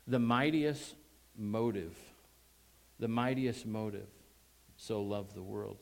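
Emphatic man preaching a sermon. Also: medium pitch. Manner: emphatic preaching, rising to loud stressed words and dropping to quiet asides; repeats phrases for emphasis, with restarts. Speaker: pastor.

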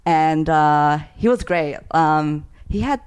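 A woman, a food writer, chatting on a podcast and telling a rambling story, quick to laugh and full of "like". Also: low-pitched, lively intonation, darkish tone, clear, resonant tone.

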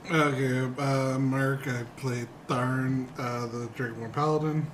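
A man's voice: medium pitch, steady tone, a little slow, fairly bright tone, a little hiss or hum. A man playing in a tabletop game, talking hesitantly with many fillers. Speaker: tabletop player. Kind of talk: casual chat.

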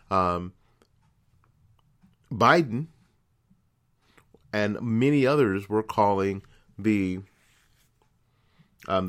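A man hosting a podcast, delivering a political commentary monologue in an indignant, emphatic way, firing off rhetorical questions and repeating words as he builds his point. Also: fairly low pitch. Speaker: podcast host.

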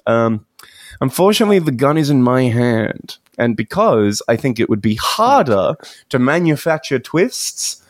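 A man's voice: medium pitch, sing-song, measured pace, no echo, studio quality. A man co-hosting a comedy podcast in a casual, playful brainstorm, laughing often. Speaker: podcast co-host picking ideas.

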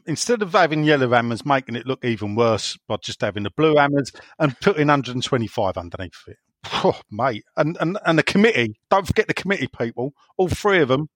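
A man's voice: medium pitch, expressive, fairly quick, a bit bright, no echo. Sardonic man hosting a fan podcast. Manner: blunt, sardonic, laughs often. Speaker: podcast host reading fan messages. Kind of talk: casual football fan podcast chat.

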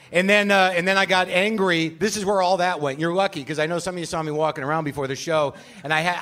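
A man's voice: a little high, a bit bright. Rambling, cursing man ranting on stage. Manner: rambling, self-deprecating, profane rant. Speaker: podcast host. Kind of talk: live comedic monologue. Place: stage of a live venue.

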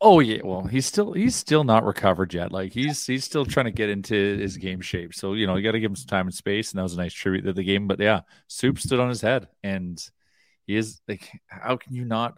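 A man's voice: fairly low pitch, brisk, no room sound, studio quality. A man co-hosting a hockey talk show from his home basement, talking loosely with plenty of fillers and restarts. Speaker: co-host, hockey analyst. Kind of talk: casual sports talk show. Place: home basement, door closed.

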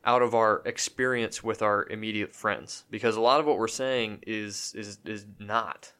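Rambling low-voiced male podcast co-host. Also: fairly even intonation, moderate pace, hardly any pauses, pushed and bright, clean tone. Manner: rambling, many restarts and fillers. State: has the hiccups. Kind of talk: casual podcast chat.

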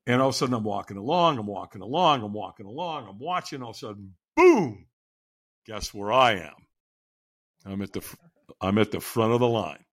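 A man's voice: fairly low pitch, animated, quick pace, a bit bright. A middle-aged man telling a story as a podcast guest, dramatic, acting out quoted lines with big jumps in his voice. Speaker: podcast guest, firewalk instructor. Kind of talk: animated storytelling.

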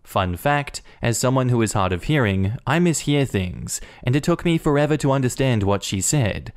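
Male storyteller, mid-pitched voice, even conversational delivery. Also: normal speed, clear, resonant tone. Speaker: story narrator. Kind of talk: reading online stories aloud.

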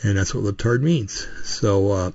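A man's voice: fairly low pitch, unhurried, a little mellow, dry recording. A man hosting a show, talking in a casual, opinionated, rambling monologue with frequent asides and restarts. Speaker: podcast host. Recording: dull, dry lo-fi recording.

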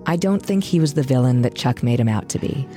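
An actress playing an earnest female true-crime podcast host, giving measured, reflective scripted narration. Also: rumbling low, animated, warm tone, faint music behind.

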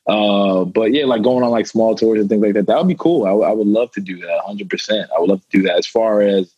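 A man's voice: lowish voice, fast, mellow, slightly rough, no echo. A man in his twenties, a guest athlete and rapper, talking in a loose, rambling way that repeats itself, heard over slightly muffled remote call audio. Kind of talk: casual interview talk.

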